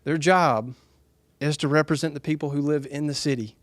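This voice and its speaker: A middle-aged man, speaking earnestly and softly to residents at a town meeting. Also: fairly high pitch, steady tone, normal speed, no room sound. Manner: soft-spoken, earnest, folksy. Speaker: developer's representative at a town hall. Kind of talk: public speech at a town meeting.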